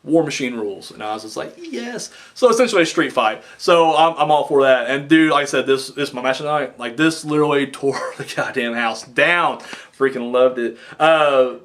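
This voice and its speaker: A man rambling excitedly through a wrestling show recap, acting out quotes with big jumps in his voice. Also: mid-range voice, brisk. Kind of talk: casual recap monologue.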